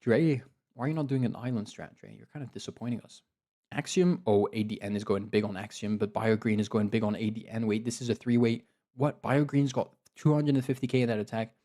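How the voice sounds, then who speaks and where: A man giving live, excitable commentary on an online strategy game, laughing and cheering players on, sounding a bit tired. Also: lowish voice, fairly quick. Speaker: game commentator and league host.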